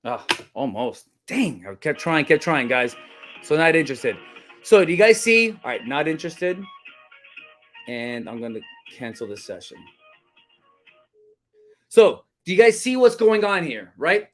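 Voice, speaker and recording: A man with a fairly high voice coaches real estate agents on cold calling. He talks in an energetic, casual way and keeps addressing his viewers as guys. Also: moderate pace. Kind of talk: live-streamed cold-call coaching.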